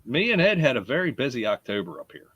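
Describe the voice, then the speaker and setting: A man's voice: mid-range voice, big pitch swings, quick pace, a bit bright, slightly rough, lo-fi sound. A man with a Baltimore accent hosting a live podcast in a casual, chatty way, greeting listeners by name and laughing often. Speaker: podcast host.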